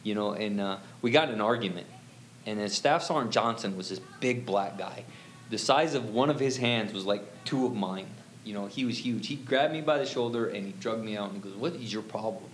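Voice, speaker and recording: A man's voice: on the low side, brisk, a little hiss or hum. A middle-aged man telling a personal story as an interview guest, rambling and full of "you know" fillers.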